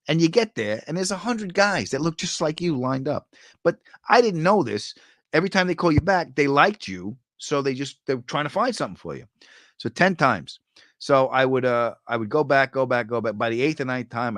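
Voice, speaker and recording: A middle-aged man hosting a podcast, chatting casually, telling animated stories and tossing off quick quips. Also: mid-range voice, no echo, clean studio sound. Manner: animated storyteller, quick quips and movie-line impressions. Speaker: podcast host. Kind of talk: casual chat reading viewer comments.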